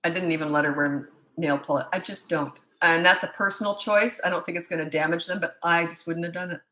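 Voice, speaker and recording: A woman's voice: on the low side, fairly even intonation, fairly quick, bright, forceful tone, reverberant. Blunt woman in her sixties from Canada. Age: 60s. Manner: blunt, firm and opinionated, with rambling asides. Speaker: parenting coach. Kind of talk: live Q&A answering viewer questions.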